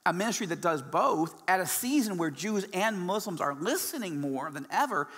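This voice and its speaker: Passionate guy talking at church, husky voice, lots of restarts, echoey hall. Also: sits high, moderate pace. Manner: excitable and animated, many restarts. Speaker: guest speaker. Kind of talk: passionate church talk in an interview.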